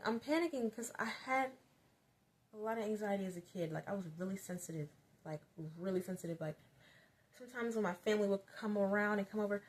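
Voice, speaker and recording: A woman vlogger telling a childhood story in a casual, chatty way, rambling with lots of fillers. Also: mid-range voice. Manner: chatty, rambling, many "like"s, grows animated.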